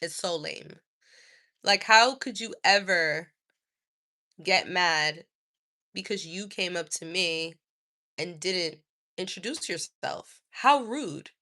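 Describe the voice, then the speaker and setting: Sassy woman going off on a livestream, swearing a lot, slow drawl, bright voice. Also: lowish voice, animated. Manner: sassy, profane and indignant. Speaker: livestream host. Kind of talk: casual livestream rant.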